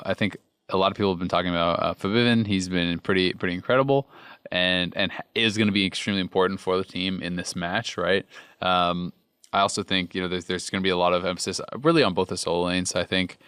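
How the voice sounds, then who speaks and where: A man on an esports analysis panel, talking quickly and thinking aloud as he goes. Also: low voice, steady tone, a bit bright, smooth, dry recording, studio quality. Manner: fast, thinking aloud with restarts. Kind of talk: casual panel discussion.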